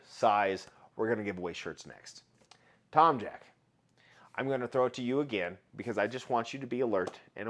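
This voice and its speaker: A man hosting a relaxed livestream in an easygoing, chatty way. He laughs often and talks straight to his viewers. His voice sits at a middle pitch. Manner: chatty, laughs often, reads chat aloud. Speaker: livestream host. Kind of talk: casual livestream chat.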